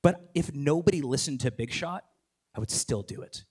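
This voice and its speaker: A man talking onstage as a podcast host, enthusiastic and rapid, with many fillers, restarts and the odd swear word. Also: a little high, animated, a little mellow, slightly rough. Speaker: podcast host and guest speaker. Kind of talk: live onstage conversation.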